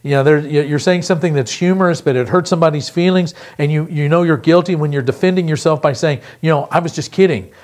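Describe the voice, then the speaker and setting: A middle-aged man delivers a pre-recorded sermon with a voice pitched a little above most men's. He is earnest and emphatic and often slows to repeat a key phrase. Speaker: pastor.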